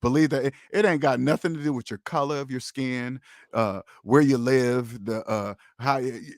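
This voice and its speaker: A man's voice: medium pitch, moderate pace, no room sound, clean studio sound. A man hosting a casual livestream, talking to viewers in an emphatic, preachy way and repeating his points. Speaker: host of a personal finance livestream.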